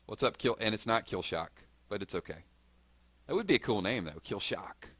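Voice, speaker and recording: A young man from outside Atlanta with a deep Southern accent. He rattles through his words quickly and excitably, reading out and answering chat on a live stream, his low voice bright and forceful. The sound is dry and close, with no room around it. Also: no room sound. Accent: Southern US, Georgia. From Georgia, US.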